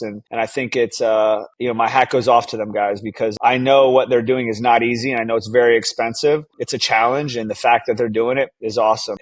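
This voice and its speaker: A man talking as a guest in a casual interview, slangy and animated, with lots of filler words and casual swearing. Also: mid-range voice. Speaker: guest, entrepreneur and speaker.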